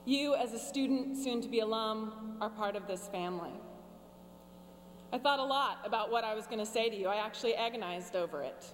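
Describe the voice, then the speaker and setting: A woman in her forties stands at a podium giving a commencement address, her voice pitched a little high. She talks with wry, deadpan humor and sarcastic asides. The sound carries a long reverb from a big ceremony space, with a faint hum beneath it. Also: a little fast. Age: 40s. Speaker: commencement speaker. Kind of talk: commencement speech. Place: large graduation ceremony venue.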